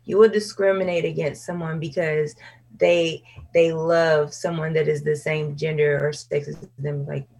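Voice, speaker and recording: A woman's voice: deep voice, moderate pace. A woman singer speaking candidly as an interview guest, laughing often and acting out her own past remarks. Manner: frank, laughs often, quotes herself in lively asides. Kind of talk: candid casual conversation.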